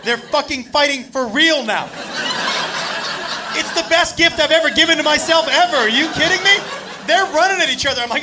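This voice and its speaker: A male stand-up comedian telling a crude story, animated and loud, shouting his punchlines. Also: extremely high pitch, brisk, a crowd in the background. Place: comedy club stage. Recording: live club set with audience laughter and noise. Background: audience laughing.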